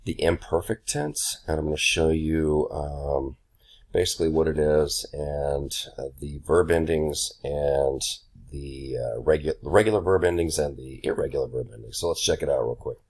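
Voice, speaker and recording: Very deep-voiced man teaching a casual lesson. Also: normal speed. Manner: relaxed, many ums and uhs, says y'all. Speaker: Spanish teacher. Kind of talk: casual recorded grammar lesson.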